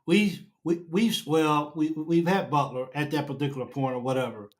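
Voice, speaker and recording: A man's voice: on the high side, fairly even intonation, moderate pace. A man hosting a fan show, talking in a casual sports reaction chat, emphatic and repeating himself like a preacher as he builds up. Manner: emphatic, preacher-like repetition, rising to near shouting. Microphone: own camera setup at home.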